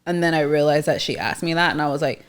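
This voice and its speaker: A woman's voice: sits low, quick pace, clean tone. A woman in her thirties co-hosting a podcast, telling a story casually with frequent laughter. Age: 30s. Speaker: podcast co-host. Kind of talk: casual chat.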